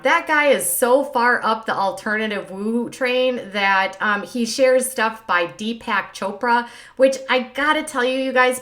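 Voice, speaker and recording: A woman hosting a casual livestream, chatting fast and loosely with lots of filler words. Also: a little high, bright, forceful tone. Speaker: host.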